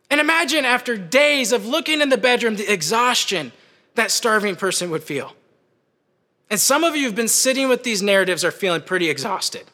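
A young man preaching a sermon to college students, conversational and animated, rising to shouts at the peaks. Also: very high-pitched, normal speed. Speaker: campus preacher. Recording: long hall reverb.

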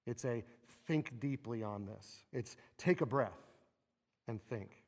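A man preaching a sermon, animated and expressive, acting out quoted laments with a rising voice. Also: mid-range voice, slow pace. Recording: long reverb of a large hall.

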